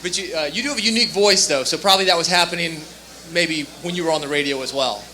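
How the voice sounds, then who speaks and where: A man moderating a live panel, casual, with quick handoffs. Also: fairly high pitch, bright, forceful tone. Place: live expo panel stage.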